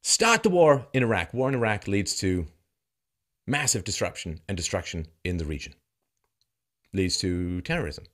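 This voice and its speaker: A male commentary host giving an emphatic, sarcastic monologue full of rhetorical questions and chuckles, dropping from loud mocking peaks to low, grave tones. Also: big pitch swings, normal speed, pauses often. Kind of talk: commentary monologue reacting to a news segment.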